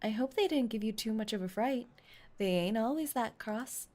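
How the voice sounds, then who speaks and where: A woman's voice: on the high side, animated, moderate pace, mellow, pitched below the performer's own voice, close to an everyday voice. A woman voicing a cheeky young girl in a clumsy put-on British accent. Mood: timid.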